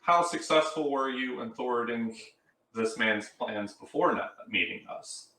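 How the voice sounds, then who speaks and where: A man playing a noble lord who can pry into minds, speaking in a dry, measured, coolly threatening way. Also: medium pitch, sharp tone. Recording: echoey room heard from far off, faint noise.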